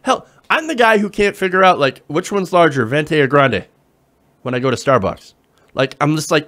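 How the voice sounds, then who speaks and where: A man's voice: a little high, expressive, moderate pace, fairly bright tone. A man hosting political commentary, reading an op-ed aloud and mocking it with sarcasm, profanity and laughter.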